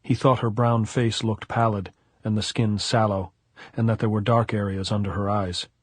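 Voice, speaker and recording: A man narrating an audiobook in a steady, measured way. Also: on the low side, husky, dry recording.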